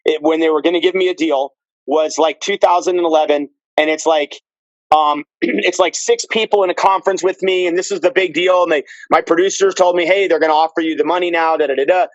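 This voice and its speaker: A man guest on a podcast, telling stories in casual, profane, animated chat. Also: fairly high pitch, brisk, dry recording, highs cut off.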